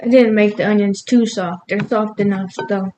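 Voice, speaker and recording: A woman's voice: mid-range voice, steady tone, moderate pace, dark tone, slight background noise, low-quality recording. A woman cooking in her home kitchen, rambling casually and laughing at herself as she talks through her recipe. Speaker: cooking vlogger. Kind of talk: casual cooking vlog chat.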